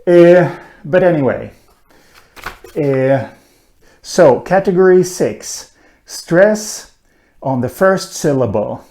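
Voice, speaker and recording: A man lectures at a slow, deliberate pace, his voice sitting at an ordinary middle pitch. He fills his pauses with frequent "uh" sounds and now and then slips in a dry aside. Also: a little mellow. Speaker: lecturer on linguistics. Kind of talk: recorded online lecture.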